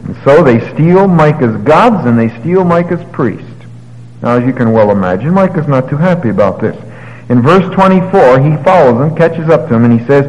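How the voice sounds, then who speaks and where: A man preaching a sermon, telling the story with lively paraphrases and moving between loud, emphatic passages and quiet, low ones. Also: moderate pace. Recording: long hall reverb.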